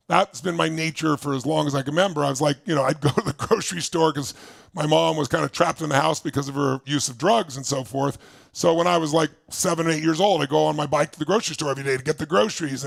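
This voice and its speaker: A man's voice: fairly high pitch, gravelly, dry recording. A man from Southern California giving an intense motivational talk, telling his own story to a live crowd. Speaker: motivational speaker.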